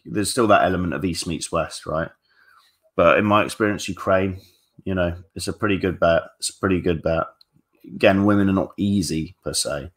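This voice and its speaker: A man with a notably low, deep voice talks straight to his viewers in a live-stream Q&A. He is blunt and casual, a dating coach who swears freely and keeps things frank.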